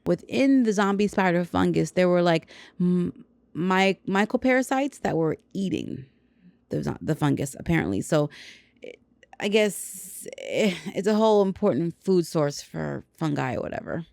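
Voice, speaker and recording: A woman's voice: lowish voice, sing-song, moderate pace, creaky, a little mellow, no echo. Sarcastic woman podcast host. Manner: sarcastic, wry commentary. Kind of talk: reading news with sarcastic asides.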